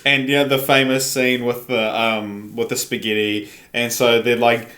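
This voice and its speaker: A man's voice: medium pitch, level tone, normal speed, pushed and bright. A man co-hosting a casual podcast, telling rambling stories full of fillers. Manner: rambling storyteller, many fillers and likes. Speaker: podcast co-host. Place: basement podcast studio.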